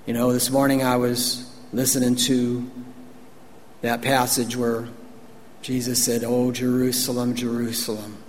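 A man's voice: mid-range voice, completely flat delivery, unhurried, long pauses. A man preaching a conversational sermon, folksy and emphatic, often asking the congregation questions. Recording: long hall reverb, faint ambient noise.

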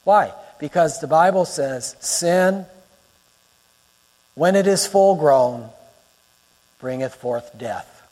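A male pastor delivers a fervent sermon in a high, lifted voice. He hammers his points home with repeated phrases and swells toward shouting. His words ring out with a long reverb through the church sanctuary. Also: lively intonation, takes it slowly, long pauses. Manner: emphatic, rising to near-shouts, repeats phrases for effect.

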